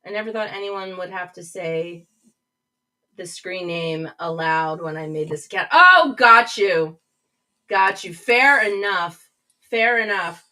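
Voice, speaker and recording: A woman runs a live stream, chatting casually and reading viewer comments aloud while rambling and restarting. Her fairly low voice is slow with a sharp tone, picked up far from the mic by a webcam a little back from the screen on a rough recording.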